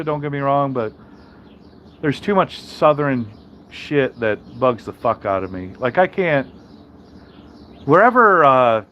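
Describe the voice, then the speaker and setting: A man's voice: a little high, dull audio, slight background noise. A man chatting casually on a livestream, answering his chat in a rambling, blunt and heavily profane way, with frequent restarts. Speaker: trucker streamer reading chat.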